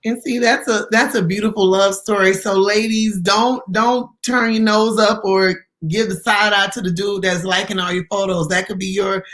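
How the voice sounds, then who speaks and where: A woman's voice: mid-range voice, steady tone, moderate pace, few pauses, a bit bright. A woman hosting a podcast in casual chat, affirming her guest and speaking to listeners.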